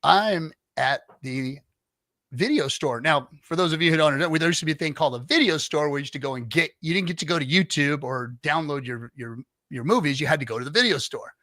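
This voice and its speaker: A middle-aged man on a livestream speaks quickly in a fairly high, bright, forceful voice with no room sound. As a guest, he chats casually through a long anecdote, acting out other people's lines.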